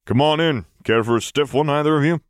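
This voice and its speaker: Audiobook: male narrator doing an easygoing middle-aged pilot host, lifted a bit in pitch, casual warmth. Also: a little fast, smooth, dry recording, studio quality, lightly acted. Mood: breezy.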